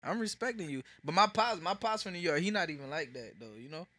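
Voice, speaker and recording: A man with a Southern US accent hosting a podcast, telling stories in a relaxed, rambling way. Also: on the high side, fast, no room sound. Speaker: host. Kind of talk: casual chat.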